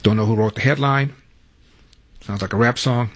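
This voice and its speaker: A man's voice: mid-range voice, normal speed. A man hosting a talk radio show in a studio, rattling through headlines with wry, sarcastic asides. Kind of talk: talk radio news rundown and monologue.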